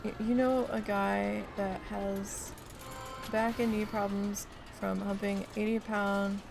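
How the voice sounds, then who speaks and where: A woman streamer telling a story in a casual, animated, exasperated way, with lots of swearing, while she plays a park-building game. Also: medium pitch, gravelly, background noise.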